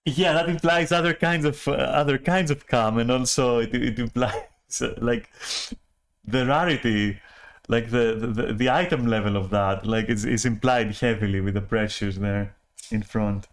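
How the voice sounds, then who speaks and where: Man, casual monologue, rambling, keeps saying sorry, laughs often, swears, average pitch. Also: fairly even intonation, moderate pace. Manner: keeps apologizing and laughing, swears, restarts a lot. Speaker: channel host.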